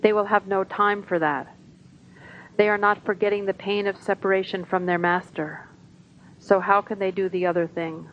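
A woman reading a translated spiritual talk and hymn lyrics aloud, slow and devotional. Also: mid-range voice, flat delivery. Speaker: satsang reader. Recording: dull, lo-fi recording with faint hiss.

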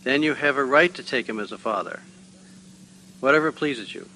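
A man reading spiritual texts and stories aloud at a gathering, measured, with hesitant asides. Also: mid-range voice, sharp tone, slight background noise, rough recording.

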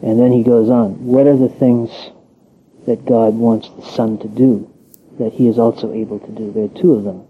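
Male religious teacher, measured and reflective; low voice, lo-fi recording with faint hiss. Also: level tone. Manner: measured, reflective, pauses with ums. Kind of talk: scripture commentary talk. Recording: tinny phone-like lo-fi recording.

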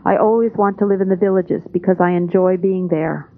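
A woman giving a spoken translation of a spiritual talk in a calm, measured, plain way. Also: on the low side. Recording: tinny, phone-like old tape.

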